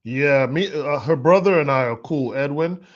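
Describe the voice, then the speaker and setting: A man from Queens, New York co-hosting a podcast, talking in a laid-back, drawn-out way with frequent "you know" fillers. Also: fairly high pitch, highs cut off. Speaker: podcast co-host. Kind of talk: casual chat.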